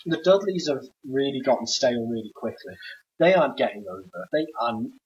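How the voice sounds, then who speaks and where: A man in casual podcast talk gives blunt, laid-back opinions on wrestling, cursing now and then. His voice is mid-pitched and plain. The recording sounds dull and lo-fi. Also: big pitch swings, brisk, a little mellow. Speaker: podcast co-host.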